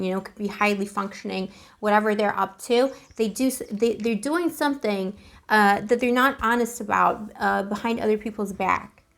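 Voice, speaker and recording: A woman giving a casual, chatty tarot reading to camera. She is emotional and keeps calling the listener boo. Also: medium pitch. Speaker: tarot reader.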